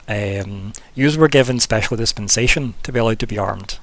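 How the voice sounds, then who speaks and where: A man's voice: lowish voice, moderate pace. A man, narrating a tabletop fantasy game as game master, in a casual, rambling way with many fillers.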